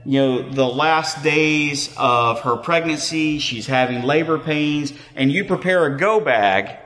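A man's voice: on the high side, measured pace, a bit bright. Conversational man preaching in a reverberant hall. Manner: conversational, self-deprecating, many fillers. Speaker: pastor. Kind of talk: sermon.

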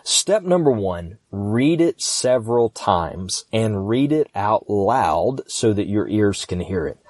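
A man hosting a podcast, calmly walking listeners through a Bible passage in practical, instructional steps with the occasional um. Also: fairly low pitch, slow pace, no room sound, clean studio sound. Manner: calm, practical, instructional, with fillers. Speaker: pastor and podcast host.

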